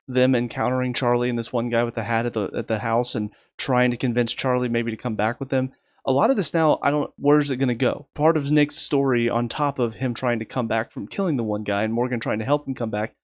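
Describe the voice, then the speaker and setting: A man's voice: medium pitch, dry recording, clean studio sound. Exasperated man reviewing a TV show. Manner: exasperated, frequent restarts and sarcastic asides; rapid recaps in a flat list. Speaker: TV review host. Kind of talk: casual video review.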